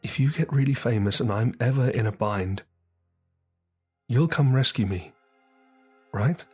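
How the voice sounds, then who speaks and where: A man voicing a gentle, anxious young village girl in a soft, hesitant tone pitched up from his own voice. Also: a little slow, breathy edge, soft background music.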